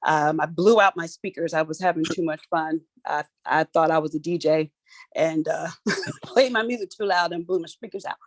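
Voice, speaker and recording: A woman's voice: sits low, moderate pace, no room sound. Playful Philly woman hosting an online workshop. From Philadelphia, USA. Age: middle-aged. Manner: playful, animated, colloquial. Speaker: workshop host. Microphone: phone for audio on a video call.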